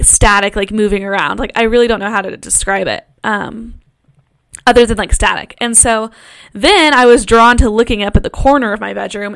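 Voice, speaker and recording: Young female podcast host; animated, profane, filler-heavy personal storytelling, voice a bit high. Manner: frequent fillers, swears freely, animated retelling. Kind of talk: casual storytelling monologue.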